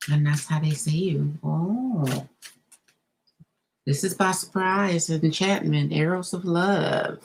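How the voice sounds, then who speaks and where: A woman reads tarot cards live for her viewers in a notably deep, low voice. She thinks out loud and reacts to each card with gasps and laughter. A faint hiss of noise sits behind her. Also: slow, gravelly, poor audio. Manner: talks straight to the viewer, thinking aloud. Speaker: tarot reader. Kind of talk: live-streamed tarot reading.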